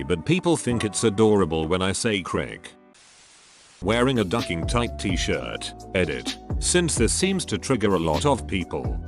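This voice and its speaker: A man with a lowish voice reads out online comments as a narrator, his pitch rising and falling widely from line to line. He spells out acronyms letter by letter in an unhurried read. Music plays clearly underneath him. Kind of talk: reading online comments aloud.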